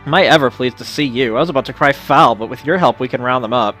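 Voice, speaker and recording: A man reading out the game lines of a harried farmhand, hurried and full of puns. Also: mid-range voice, pushed and bright, faint music behind, lightly acted. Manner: hurried, pun-laden. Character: harried farmhand chasing loose birds. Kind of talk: reading game dialogue aloud.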